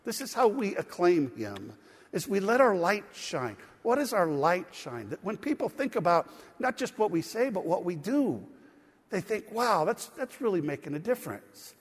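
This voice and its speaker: A man's voice: sits high, sing-song, moderate pace, breathy edge, big-room sound. A man preaching a sermon as pastor, telling a story and rising to emphatic points. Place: church sanctuary.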